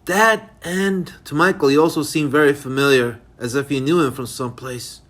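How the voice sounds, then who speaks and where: Man narrating audiobook, slightly high voice, uneven reading, small slips. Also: fairly even intonation, normal speed, a bit bright. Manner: reads unevenly, with small slips and self-corrections. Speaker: author reading his novel.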